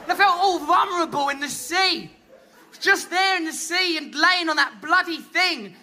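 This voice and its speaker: Pushed and bright, this man's very high voice moves at a moderate pace. With an English accent, he plays a theatrical, flamboyant, mock-grandiose stand-up routine to a live crowd at a comedy stage.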